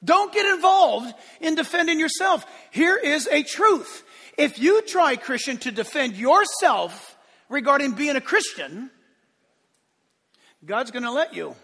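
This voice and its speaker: A man preaching from the pulpit with a very high, bright, forceful voice. He hammers his points home, then drops to hushed asides. His words ring out with the long reverb of a church sanctuary. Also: animated, a little slow. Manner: emphatic preaching, swinging between loud declarations and hushed asides. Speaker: pastor. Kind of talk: sermon.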